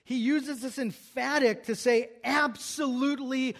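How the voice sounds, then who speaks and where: A man's voice: very high voice, lively intonation, unhurried. A pastor preaching an earnest expository sermon, often restarting and repeating words as he works through a passage.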